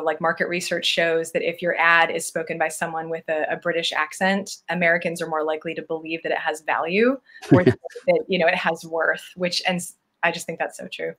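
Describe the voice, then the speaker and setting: Low-voiced woman telling travel stories. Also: fairly bright tone. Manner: rambling with many fillers and restarts. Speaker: podcast guest. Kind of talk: casual conversational storytelling.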